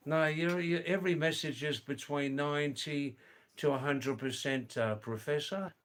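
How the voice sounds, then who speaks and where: A middle-aged man hosting a livestream, reading viewer comments aloud and slowly, gently correcting their English. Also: a little high, steady tone. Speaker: livestream host.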